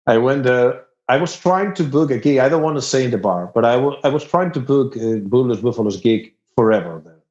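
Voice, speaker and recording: A man's voice: mid-range voice, fairly quick. Spanish-accented man telling stories, echoey. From Spain. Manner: animated, laughs often, restarts words. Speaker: guest musician. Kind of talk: casual storytelling. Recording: echoey, dull sound.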